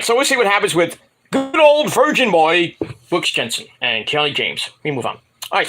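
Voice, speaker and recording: A man giving a rambling solo review of wrestling shows, acting out the wrestlers' lines in high mocking voices. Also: sharp tone. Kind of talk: casual solo review monologue.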